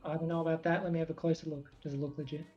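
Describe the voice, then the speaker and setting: A woman playing in character at a tabletop game, talking in an indignant, rapid rant. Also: low-pitched, level tone, dark tone, muffled recording, soft background music. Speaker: player. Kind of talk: in-character tabletop role-play.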